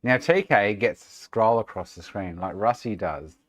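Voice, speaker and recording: A man's voice: fairly low pitch, lively intonation, normal speed, a bit bright, no echo, clean studio sound. An Australian man chatting casually and sarcastically with viewers on a live stream, swearing freely. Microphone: desk microphone.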